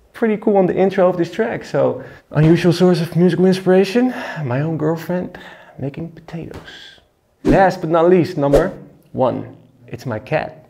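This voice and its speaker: Chill guy musician telling stories, warm low-key voice, lots of uh and you know. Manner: relaxed, laid-back, lots of fillers and "you know". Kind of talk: casual storytelling monologue.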